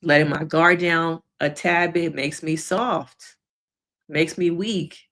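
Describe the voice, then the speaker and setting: A woman therapist giving a casual, animated recap of a reality show episode, acting out quotes and laughing along the way. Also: low-pitched, slow pace.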